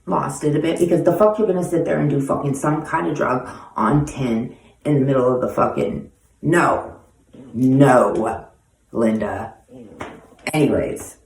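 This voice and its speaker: A woman's voice: a bass voice, measured pace, creaky, pauses often, darkish tone. A woman in her forties speaks bluntly, swearing constantly and using street slang as she tells stories from her own life. She sits some way back from the microphone, so her voice sounds distant. The room around her is echoey. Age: 40s. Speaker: host answering viewer questions. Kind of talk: casual storytelling monologue. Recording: echoey room, voice far from mic.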